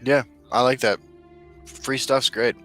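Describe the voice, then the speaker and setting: A man co-hosting a casual gaming podcast, relaxed and agreeable in conversation. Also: mid-range voice, slow, soft background music. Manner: relaxed, agreeable, reads an announcement in a mock radio announcer voice. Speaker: podcast co-host.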